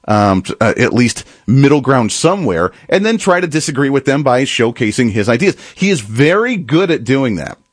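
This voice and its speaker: A man's voice: medium pitch, no echo, clean studio sound. A man hosting a political commentary show, talking emphatically and mocking opponents with sarcasm. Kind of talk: opinionated commentary monologue.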